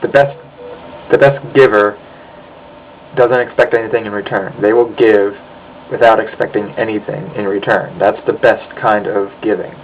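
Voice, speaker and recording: A man's voice: lowish voice, fairly even intonation, normal speed, lo-fi sound, a little hiss or hum. A young American man in a profane, angry rant to his webcam, sighing and swearing as he complains. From United States. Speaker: vlogger. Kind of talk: ranting monologue.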